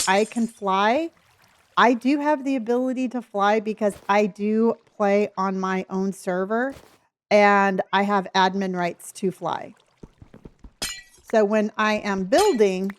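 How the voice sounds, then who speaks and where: A woman's voice: medium pitch, slow pace, pauses often, a little hiss or hum. Chatty older woman streamer. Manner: chatty, greets viewers by name, thinks aloud. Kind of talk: casual live-stream chat while building.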